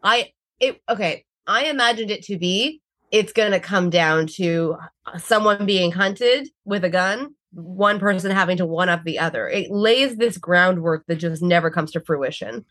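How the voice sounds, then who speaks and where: A woman's voice: lowish voice, a little slow, fairly bright tone. A woman co-hosting a casual movie review chat, enthusiastic and emphatic, who swears casually. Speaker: podcast co-host.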